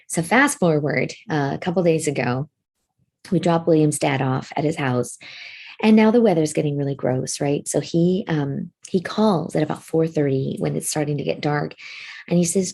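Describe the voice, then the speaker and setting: Podcast co-host, woman, low gravelly voice, animated storyteller. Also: normal speed. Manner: animated storyteller who swears casually. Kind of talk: casual storytelling chat.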